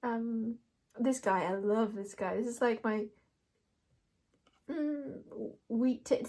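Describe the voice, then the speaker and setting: Young woman, slightly high voice, playful rambling card reader, lots of giggles. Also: slow, long pauses, warm tone. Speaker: tarot reader. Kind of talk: casual card reading chat.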